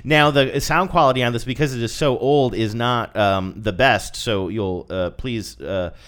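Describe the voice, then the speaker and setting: A man's voice: medium pitch, measured pace, fairly bright tone, clean tone. Male podcast co-host, casual chat, rambling, filler-heavy. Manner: rambling, chatty, with many fillers.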